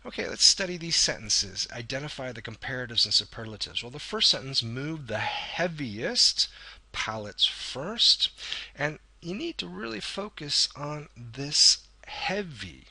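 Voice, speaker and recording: A man with a mid-range voice walks through an English grammar point in a recorded lesson, his pitch swinging widely at a moderate, nearly pause-free pace. His tone is bright and forceful with some vocal fry, and there's a slight hiss or hum. He stays patient, stretching out key words and correcting himself.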